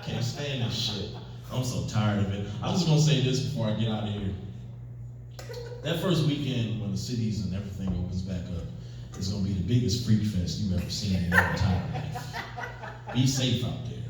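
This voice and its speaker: A man doing a stand-up comedy set, telling stories with lively acted-out quotes. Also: fairly low pitch, moderate pace, a little hiss or hum. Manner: animated storytelling with acted-out quotes. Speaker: stand-up comic. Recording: very echoey room, mic far off.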